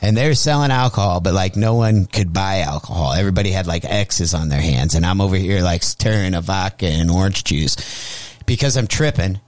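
A man's voice: sits low, brisk, no echo. A male comedian telling a profane comic story as a guest, acting out the voices he quotes. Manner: animated, acts out quoted voices. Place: radio studio.

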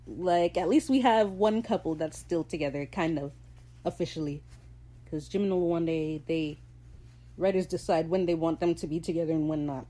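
A woman hosting a casual solo podcast recap, chatting in a gushing, excitable fan manner. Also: low voice, normal speed, low-quality recording. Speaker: podcast host.

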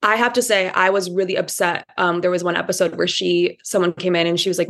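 A woman's voice: lowish voice, fairly even intonation, fairly quick, a bit bright. A woman co-hosting a podcast, chatting in a rambling way with lots of fillers. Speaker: podcast co-host. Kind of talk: casual chat.

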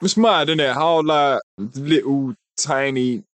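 A man's voice: mid-range voice, takes it slowly, crowd noise, background noise. A man co-hosting a podcast, easygoing and teasing, chatting in casual slang. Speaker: podcast co-host.

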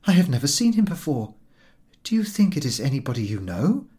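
A man's voice: medium pitch, big pitch swings, brisk, dark tone, pitched above the performer's own voice, lightly acted. A man voicing a frightened, tearful young wife who pleads anxiously in a storybook reading. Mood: bewildered.

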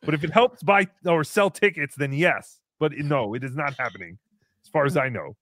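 A man hosting a casual live show, excitably chatting and reading out viewer messages. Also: on the high side, moderate pace, no room sound, studio quality. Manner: excitable, reads out paid messages. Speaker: show host.

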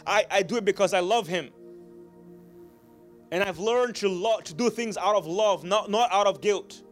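High-voiced preaching man, earnest. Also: moderate pace, soft background music. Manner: earnest storytelling, frequent restarts, rising to shouts. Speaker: pastor. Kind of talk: sermon.

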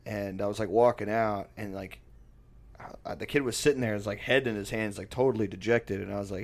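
A man's voice: lowish voice, fairly even intonation, fairly quick. A man telling a casual, rambling story full of filler words and profanity.

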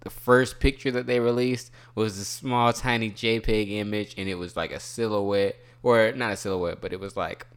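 A man with a lowish, smooth and resonant voice, chatting easily on a podcast. He is relaxed and chatty, laughs often and lets his sentences trail off. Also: normal speed, hardly any pauses. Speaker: podcast co-host. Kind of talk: casual chat.

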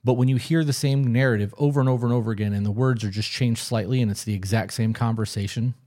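A man's voice: medium pitch, steady tone, fast, warm tone. A man co-hosting a casual podcast conversation, talking in a blunt, emphatic way with frequent swearing. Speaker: podcast co-host.

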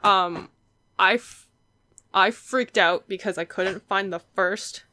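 A woman's voice: medium pitch, steady tone, slow pace, pushed and bright, no room sound, clean studio sound. A young adult woman chatting casually as a guest, telling stories with a laugh and acting out the voices of others. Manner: chatty storyteller, laughs often, acts out quoted voices. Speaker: guest collector. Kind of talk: casual chat.

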